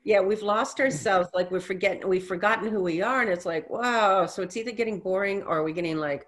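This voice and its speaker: A woman guest in a casual interview, telling stories in an animated way and acting out what people said, with a reassuring, teacherly manner. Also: mid-range voice, a little fast, few pauses. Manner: animated storyteller who acts out quotes. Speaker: guest, intuitive reader.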